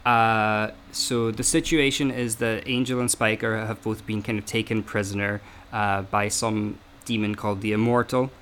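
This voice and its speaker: A man's voice: on the low side, flat delivery, normal speed, few pauses, fairly bright tone, a little hiss or hum. A man hosting a casual podcast chat, explaining at length with many hesitations and fillers. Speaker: podcast host.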